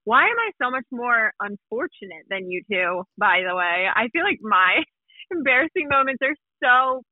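A woman's voice: fairly high pitch, very animated, moderate pace, no room sound, phone-quality sound. A young woman in casual chat, telling an embarrassing story about herself with self-mocking humor.

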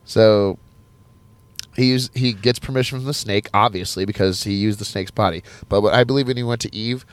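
A man's voice: fairly low pitch, fairly quick, smooth, dry recording. A man preaching as a podcast host in a casual, conversational way, rambling and emphatic. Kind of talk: casual sermon.

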